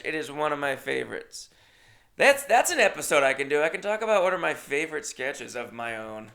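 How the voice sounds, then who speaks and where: Gravelly bright-voiced man telling stories. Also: medium pitch. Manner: rambling, self-mocking, laid-back. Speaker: comedian and host. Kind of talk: casual comedic storytelling.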